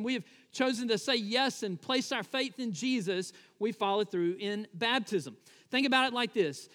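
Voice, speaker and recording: A male pastor with a very high voice preaches in an easy, conversational way, dropping many "uh" fillers. His sermon rings out through a large church sanctuary with long reverb. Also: a bit bright.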